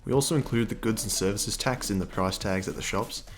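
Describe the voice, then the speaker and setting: Wry, swearing Australian bloke, lowish voice. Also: male voice, fairly quick, soft background music. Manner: wry, swears freely, blunt jokes. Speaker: vlogger. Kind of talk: casual scripted explainer.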